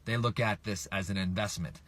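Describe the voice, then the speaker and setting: A man's voice: deep voice, brisk, a bit bright, dry recording. Emphatic male real estate coach. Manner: emphatic, repetitive, asks viewers for responses. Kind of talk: direct-to-camera coaching talk.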